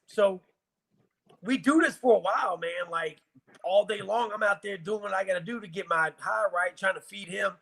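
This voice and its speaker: Man, gravelly voice, bright edge, blunt and profane, casual interview storytelling. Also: sits high, normal speed. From Virginia, US. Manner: blunt, profane, emotional retelling. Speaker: guest telling his life story.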